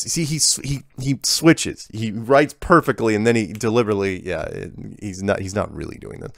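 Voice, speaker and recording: A man's voice: lowish voice, moderate pace, no echo. Offhand man reading emails, dry close mic. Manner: offhand, stumbling restarts, wry asides. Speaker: host reading viewer emails. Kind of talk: casual email Q&A show.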